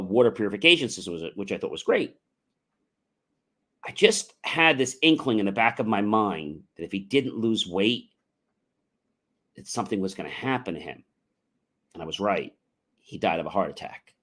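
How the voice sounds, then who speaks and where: A man's voice: lowish voice, animated, normal speed, long pauses. Earnest man giving a motivational talk. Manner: earnest, conversational, with frequent fillers and loud emphatic rises. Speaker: entrepreneur podcast host.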